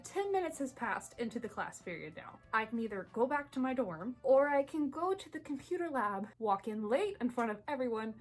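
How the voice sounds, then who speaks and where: A young woman telling a funny story to camera in a casual vlog, animated and laughing between lines. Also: on the high side. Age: young adult. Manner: animated, laughs through the story, chatty asides. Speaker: vlogger. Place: bedroom at home. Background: soft background music.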